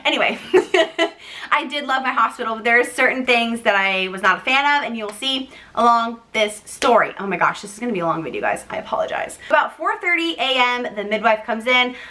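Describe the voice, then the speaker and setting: Young woman, casual to-camera storyteller, bright and a touch high, lively delivery. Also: fairly quick. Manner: chatty, animated, acts out quoted voices. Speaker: vlogger.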